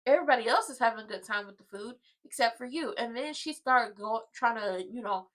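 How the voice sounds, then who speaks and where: A woman's voice: a little high, lively intonation, brisk, fairly bright tone, poor audio. A woman hosting a casual soap opera watchalong, recapping scenes with sass and drama. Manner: sassy, dramatic, acts out the characters' lines.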